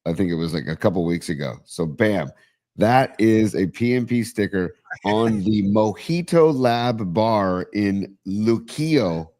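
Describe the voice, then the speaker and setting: Male co-host with a very low voice, relaxed and keen. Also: a little slow, dry recording, clean studio sound. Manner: easygoing, enthusiastic, reads out listener mail. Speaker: podcast co-host. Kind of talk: casual sports talk show. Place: small studio.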